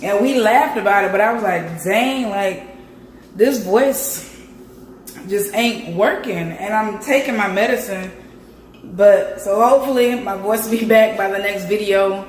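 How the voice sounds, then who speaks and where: A woman vlogger with a raspy, hoarse voice from a sore throat, chatting straight to her viewers. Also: mid-range voice, a little slow, echoey room, slight background noise. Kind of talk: casual vlog chat.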